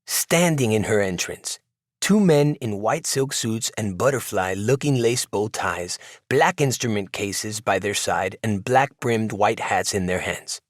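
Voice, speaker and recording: A man narrating a novel in the first person, in a reflective, measured way. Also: lowish voice, expressive, no room sound, clean studio sound. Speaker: audiobook narrator. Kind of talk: scripted narration.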